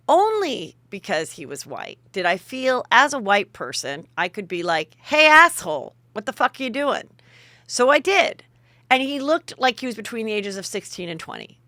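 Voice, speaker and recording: A middle-aged woman hosts a podcast, telling a story casually and animatedly while acting out the people in it. Her voice is mid-range, on a dry recording.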